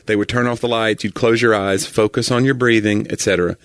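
A man's voice: on the low side, fairly even intonation, a little fast, fairly bright tone, smooth, no room sound, studio quality. A man co-hosting a podcast in casual chat, telling stories with a joking manner and acting out quoted exchanges. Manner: jokey storyteller, acts out quoted exchanges. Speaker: podcast co-host.

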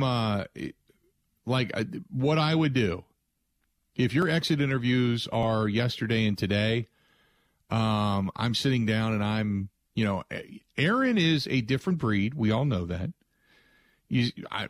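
A man's voice: medium pitch, lively intonation, normal speed, pauses often, no room sound, clean studio sound. A man hosting sports talk radio, delivering a blunt, emphatic opinion monologue with frequent restarts.

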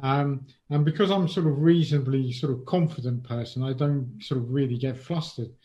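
A man living with Parkinson's answers interview questions in a chatty way, often saying "um" and "sort of." His voice is mid-range and mellow, and the recording has a dull lo-fi sound.

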